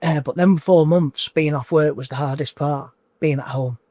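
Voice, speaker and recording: A man in his forties speaks in a slightly high voice, stumbling over and repeating his words as he opens up in an interview. The sound is dry and close, with no room echo. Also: fairly even intonation, mellow. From United Kingdom. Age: 40s. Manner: halting, repeats himself, restarts phrases. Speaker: coaching client. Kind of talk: emotional personal interview.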